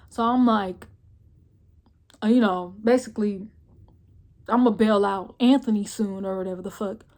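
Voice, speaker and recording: A young woman shares a personal story in a casual vlog, blunt and profane and often close to tears, dropping in "boom, boom, boom" as she goes.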